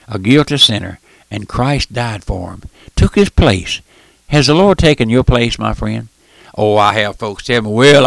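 An older man preaching a fervent radio sermon in a folksy, impassioned way, swinging from loud outbursts to hushed appeals. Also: mid-range voice, creaky, no echo. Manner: impassioned, folksy, calls out "my friend", surges loud then drops soft.

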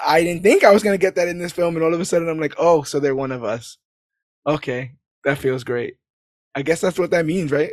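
A man recapping a movie in casual podcast chat, animated and laughing as he acts out lines. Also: a little high, no room sound, clean studio sound. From New York City. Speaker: podcast co-host.

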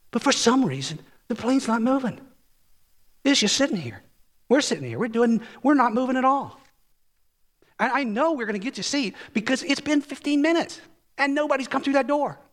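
Husky man preaching with lively swings. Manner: storytelling with lively pitch swings. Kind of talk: sermon.

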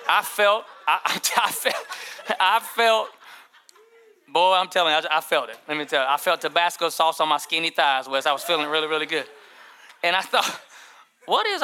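A male pastor preaching a sermon, telling a humorous story in an animated way and often repeating words. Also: on the high side, a little fast, smooth.

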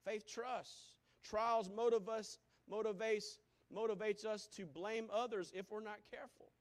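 A male preacher with a high-pitched voice delivers a sermon. He swings between loud, punchy exclamations and soft, hushed asides, and chuckles at his own jokes. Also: steady tone, measured pace.

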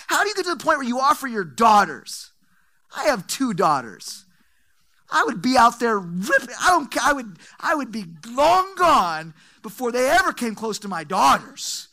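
A middle-aged man preaching a sermon to his church, emphatic and repetitive, with big swings in pitch and volume. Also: very animated, normal speed, bright, forceful tone. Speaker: pastor.

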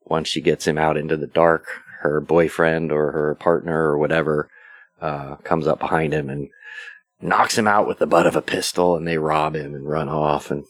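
A man hosts his own podcast alone, walking through a film scene by scene in a loose, conversational way. His voice sits very low, and the recording is close and dry, with no room sound. He pads his thoughts with fillers and drops into quick quoted asides. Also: dry recording. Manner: rambling, relaxed retelling with fillers and brief quoted asides. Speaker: podcast host. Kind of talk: casual solo podcast recap.

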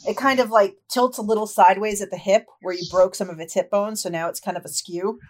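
A woman running a tabletop game as game master, describing the action in a lively, laughing way. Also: medium pitch, fast.

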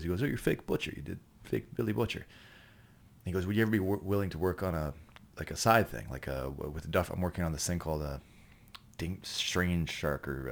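Low-voiced profane man telling stories. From Canada. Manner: profane, rambling, with many restarts. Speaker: podcast guest, actor. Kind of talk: casual storytelling chat.

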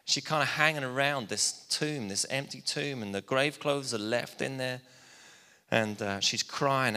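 A man's voice: medium pitch, bright, forceful tone, big-room sound. A man preaching a sermon, telling the story in a plainspoken, conversational way. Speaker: pastor.

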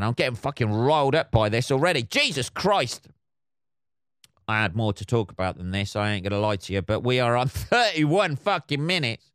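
A man's voice: on the high side, a bit bright, no room sound, studio quality. A male comedian hosting his own podcast, ranting in a heated, sweary, rambling way. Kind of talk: solo podcast rant.

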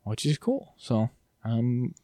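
A man co-hosting a podcast in casual chat; animated, laughs often and slips into silly voices. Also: mid-range voice, slow pace, no room sound, clean studio sound. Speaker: podcast co-host.

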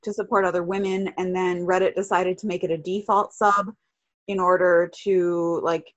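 A woman's voice: fairly low pitch, level tone, moderate pace, highs cut off. A woman chatting casually, telling a story in an exasperated, sarcastic way. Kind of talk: casual chat.

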